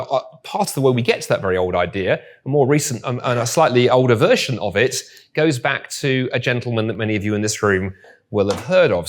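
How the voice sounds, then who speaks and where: A man speaking to a live audience, telling a story with wry, humorous asides. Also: mid-range voice. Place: room with audience.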